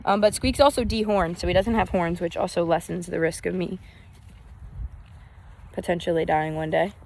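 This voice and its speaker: A woman's voice: on the low side, fairly even intonation, normal speed, vocal fry, darkish tone. An eighteen-year-old woman chatting casually and rambling for her vlog, recorded outdoors in a cattle pen on a handheld phone. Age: young adult, eighteen. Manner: chatty, rambling, self-correcting. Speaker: hobby cattle keeper vlogger.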